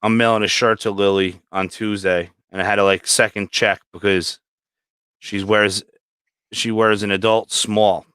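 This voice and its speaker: A man from New York with a lowish voice, hosting a casual livestream. He jokes, curses freely and tells stories with real animation. The sound is close and dry, with almost no room at all. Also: a little slow, clean tone, no echo. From New York, USA. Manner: joking, profane, animated storytelling. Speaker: livestream host, reptile breeder. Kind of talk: casual chat.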